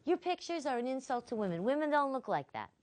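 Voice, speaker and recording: A woman's voice: high voice, very animated, quick pace, a little mellow, pitched above the performer's own voice. A woman voicing an indignant, confrontational man in a bar. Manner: confrontational, defensive.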